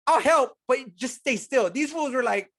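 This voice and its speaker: A man's voice: very high-pitched, lively intonation, moderate pace, a bit bright. A man co-hosting a casual movie review chat, laid-back, laughing often and using slang. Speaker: podcast co-host.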